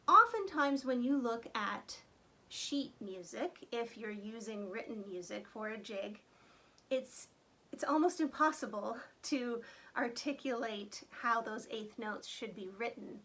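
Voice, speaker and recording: A woman's voice: a little high, expressive, a little slow, pushed and bright. A woman fiddle teacher talking through a lesson in a chatty way, counting beats aloud as she explains. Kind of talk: friendly instructional talk.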